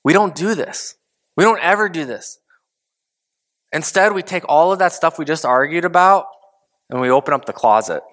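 Guy preaching a chatty sermon, lots of rhetorical questions, gets loud then drops real quiet. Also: a little high, normal speed, long pauses. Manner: animated, rhetorical questions, swings between loud and hushed. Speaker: pastor. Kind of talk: conversational sermon.

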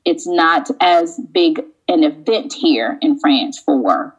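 A woman being interviewed about wine, telling relaxed stories and acting out little exchanges. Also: low voice, slow, few pauses, slightly rough, poor audio. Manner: relaxed storyteller, acts out quoted exchanges. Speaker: guest, wine educator. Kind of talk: casual interview conversation. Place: lives in France.

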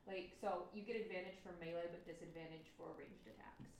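A woman's voice: on the low side, steady tone, brisk. Woman player, plain rules explainer, faint background noise. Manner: explains rules in a matter-of-fact way. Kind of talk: casual game chat.

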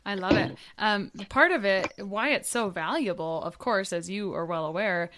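A woman's voice: mid-range voice, normal speed, noisy background. A woman hosting an interview, enthusiastic and encouraging toward her guest. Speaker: host. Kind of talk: podcast interview.

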